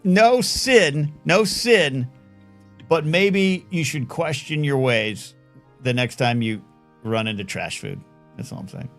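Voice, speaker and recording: Gravelly man hosting a call-in show. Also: on the high side, animated, soft background music. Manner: quick, joking, laughs often. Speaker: host. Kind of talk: live call-in show banter.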